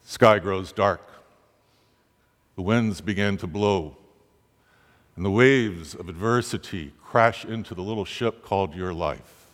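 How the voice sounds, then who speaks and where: A man's voice: unhurried, long pauses. Male preacher, dramatic sermon delivery, voice climbing on pleas; long reverb of a big church hall. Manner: dramatic, rising pitch on quoted pleas.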